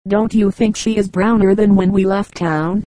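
A woman's voice: medium pitch, steady tone, moderate pace, mellow, dry recording, lightly acted. Woman reading a stiff, polite young husband. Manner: formal, polite.

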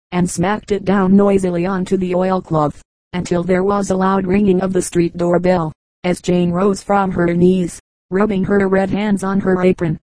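Low, flat-voiced woman narrator. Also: no echo, poor audio. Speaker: audiobook narrator. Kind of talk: scripted narration.

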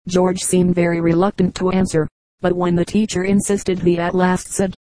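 A woman reading a collection of short jokes aloud as a steady, unhurried audiobook narration. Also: lowish voice, dry recording, rough recording. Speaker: audiobook reader.

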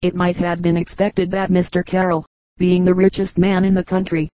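Mellow-voiced woman reading calmly. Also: fairly low pitch, no room sound, low-quality recording. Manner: measured, even reading. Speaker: audiobook reader. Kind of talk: scripted narration.

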